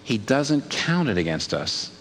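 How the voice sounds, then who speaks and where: Man, preacher, sermon, animated, rhetorical questions, very lively intonation, long hall reverb. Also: a little slow, a little hiss or hum. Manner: animated, rhetorical questions, pitch leaps for emphasis.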